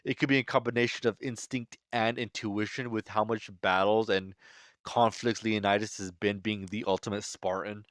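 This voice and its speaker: A man's voice: lowish voice, fairly even intonation, moderate pace, a bit bright, no echo. A man doing a casual, enthusiastic manga chapter breakdown, chatty, with lots of fillers and restarts. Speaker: manga commentator.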